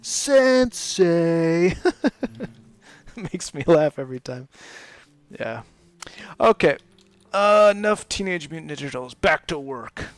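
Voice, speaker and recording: A man's voice: on the high side, expressive, moderate pace, dry recording. Chatty man streaming a game. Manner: chatty, laughs often, many fillers. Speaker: live gaming streamer. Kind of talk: casual chat while playing a game.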